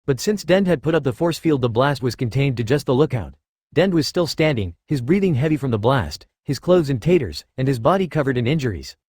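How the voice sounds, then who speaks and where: A man narrating a fan-written story aloud in a steady, even way. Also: mid-range voice, brisk, breathy edge, dry recording, studio quality. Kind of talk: reading fan fiction aloud.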